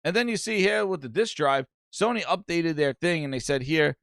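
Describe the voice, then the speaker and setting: A man's voice: on the high side, normal speed, gravelly, no echo. Male podcast host, profane live-stream rant, dry close sound. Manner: animated, profane, reads chat aloud.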